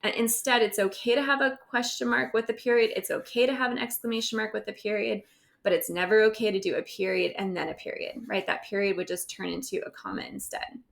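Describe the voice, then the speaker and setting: A woman's voice: medium pitch, steady tone, fast talker, creaky. A woman teacher recording a grammar lesson over slides, explaining step by step and often checking in with "right?".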